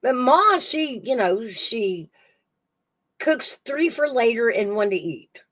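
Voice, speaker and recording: A woman's voice: fairly high pitch, big pitch swings, slow, a bit bright. A woman co-hosting a casual talk show who laughs often and throws in playful asides. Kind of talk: casual chat.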